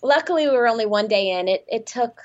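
A woman guest in a casual interview, telling stories in an animated, self-deprecating way and laughing often. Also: fairly high pitch, fast talker, highs cut off.

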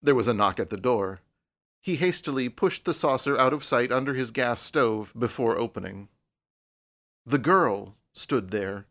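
Man reading a story aloud, measured. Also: mid-range voice, expressive, fairly bright tone. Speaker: audiobook narrator. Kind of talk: scripted narration.

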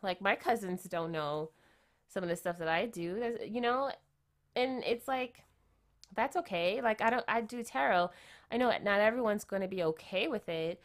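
A woman giving a casual tarot reading, chatty, often tagging her points with quick questions and repeating herself. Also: medium pitch. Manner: chatty, keeps adding "right?" tag questions; repeats and restarts phrases. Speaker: tarot reader.

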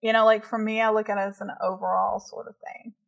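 A woman's voice: medium pitch, flat delivery, quick pace, gravelly. A woman in casual conversation, chatty and laughing often, with many fillers as she talks. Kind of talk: casual chat.

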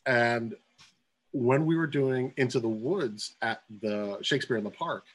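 A man's voice: mid-range voice, a little slow, breathy edge, low-quality recording. A man, a guest in a casual chat, telling stories and acting out the voices of people in them. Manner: excitable storyteller, acts out quotes. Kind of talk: casual storytelling.

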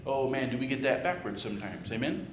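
A man's voice: mid-range voice, expressive, fast talker. A male pastor giving a conversational sermon, tossing in jokes and rhetorical questions. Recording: echoey room with clear background noise.

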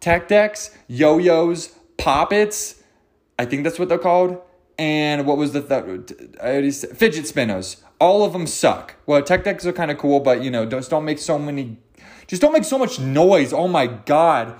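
A man's voice: a little high, expressive, a little slow, a little mellow. A man hosting his own podcast, rambling off the cuff with jokes, swearing and self-mocking asides. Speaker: podcast host. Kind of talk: unscripted solo podcast ramble.

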